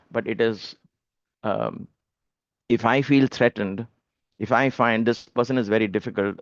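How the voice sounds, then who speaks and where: Earnest man giving a halting spiritual talk. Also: on the low side, creaky, no echo. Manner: earnest, halting, many restarts and fillers. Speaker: spiritual speaker. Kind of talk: devotional talk. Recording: dull lo-fi dry sound.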